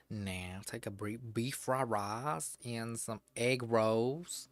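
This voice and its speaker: Male streamer, mid pitch, offhand rambling, casual swearing, close desk mic in a dry room. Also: takes it slowly, few pauses, dry recording. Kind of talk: casual live-stream chat.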